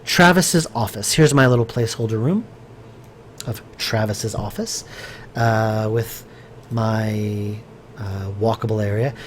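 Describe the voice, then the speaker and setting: A man's voice: fairly low pitch, takes it slowly, long pauses, a little hiss or hum. Man rambling while working on stream. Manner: thinking aloud, rambling with many fillers and restarts; chatty, answers viewer chat. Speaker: game developer streaming his work. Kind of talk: casual live-stream commentary while working.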